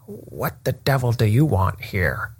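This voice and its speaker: A man voicing a gruff bullying old horse trainer. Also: on the low side, very animated, a little slow, darkish tone, no room sound, exaggerated voice. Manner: blustering then cringing.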